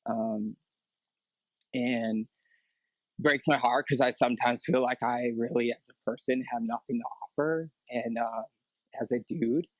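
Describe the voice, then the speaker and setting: A young man sharing a personal testimony on a podcast, halting and full of fillers and restarts. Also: medium pitch, steady tone, dry recording, rough recording. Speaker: podcast guest. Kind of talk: personal testimony in casual talk.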